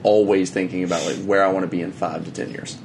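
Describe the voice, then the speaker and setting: Low-voiced young guy chatting on a podcast, mostly agreeing, quiet rumble behind. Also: steady tone, quick pace, vocal fry. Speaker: podcast co-host. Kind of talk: casual chat.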